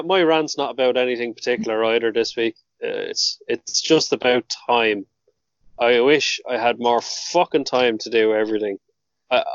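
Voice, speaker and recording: A man's voice: mid-range voice, no room sound. A man hosting a podcast, talking casually and plainly with some swearing. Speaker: podcast host. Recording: dull, dry lo-fi sound.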